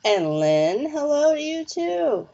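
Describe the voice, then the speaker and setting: Slow-talking woman psychic on a live stream. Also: high voice, sing-song, gravelly, warm tone, highs cut off. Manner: chatty, lots of fillers like "okay?" and "like". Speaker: psychic reader and show presenter. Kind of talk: live-stream chat with viewers.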